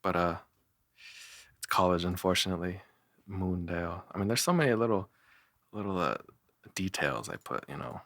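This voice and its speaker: Young male musician, deep voice, dry close sound, rambling and self-mocking. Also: expressive, moderate pace, gravelly, pauses often, fairly bright tone, dry recording. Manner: rambling, self-deprecating, frequent fillers and laughs. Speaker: musician reviewing his own songs. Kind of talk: casual solo commentary.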